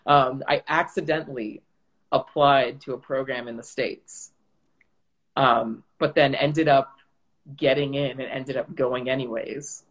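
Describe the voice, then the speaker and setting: A man's voice: medium pitch, fairly even intonation, unhurried, a bit bright, low-quality recording. A young man from Canada, an actor, talking reflectively in a casual chat with many fillers and restarts. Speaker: actor guest. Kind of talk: casual video-call chat.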